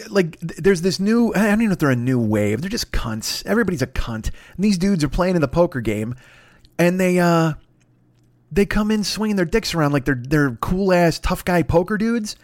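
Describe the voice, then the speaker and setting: Middle-aged male podcast host, rapid-fire profane comic rant, slightly high voice. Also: no room sound, studio quality. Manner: crude, swearing, animated storytelling.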